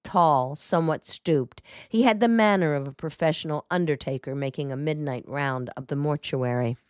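A woman reading a detective novel aloud in a measured, even storytelling manner. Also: deep voice, smooth, dry recording, clean studio sound. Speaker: audiobook narrator. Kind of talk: scripted narration.

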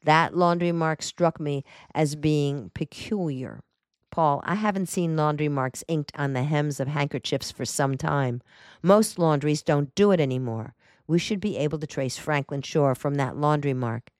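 A woman voicing a confident male lawyer in an audiobook, speaking briskly and assuredly. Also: low voice, darkish tone, no room sound, studio quality.

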